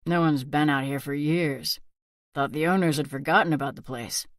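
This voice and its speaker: A woman voicing a blunt, wary rural male hunter in a whispered role-play storybook reading, quiet and firm. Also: sits low, normal speed, no echo, studio quality, natural voice.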